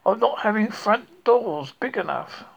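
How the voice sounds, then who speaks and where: A reader voicing a gentle, honey-loving male teddy bear in a storybook reading. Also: medium pitch, lively intonation, unhurried, gravelly, slightly rough, pitched above the performer's own voice, full character voice. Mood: distressed. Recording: lo-fi recording.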